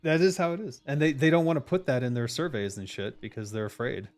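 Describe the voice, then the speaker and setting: A man's voice: mid-range voice, fairly even intonation, quick pace. A man hosting a casual stream chat as a game designer, ranting emphatically with lots of swearing.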